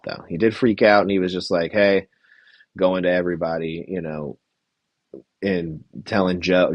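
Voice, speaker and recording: A man's voice: low voice, breathy edge, no room sound, lo-fi sound. A man hosting a casual livestream recap, rambling and chatty as he reads from his notes and greets the chat. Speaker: podcast host recapping a reality show.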